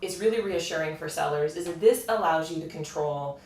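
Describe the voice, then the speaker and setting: A woman real estate agent calmly explaining how home showings work, step by step, in casual chat. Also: low voice, brisk. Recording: roomy echo, distant mic.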